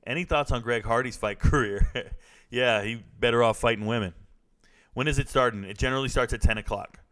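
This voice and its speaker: A young man hosts a casual live stream from his computer, reading comments aloud and firing back jokes and playful trash talk. His voice is smooth and clear, sitting at an ordinary middle pitch, and his speech is loose and full of slang. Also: fairly quick, fairly bright tone. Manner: joking, trash-talking, slangy. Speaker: livestream host reacting to fights.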